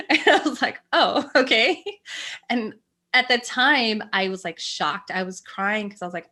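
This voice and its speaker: A young woman telling her birth story in a casual chat, animated and laughing often. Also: mid-range voice. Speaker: podcast guest sharing a birth story.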